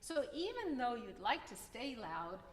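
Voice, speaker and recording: A woman gives masterclass coaching at the piano in a concert hall, singing phrases to demonstrate and offering encouragement. Her slightly high voice is very animated but measured in pace. There's slight background noise, echo, and piano playing.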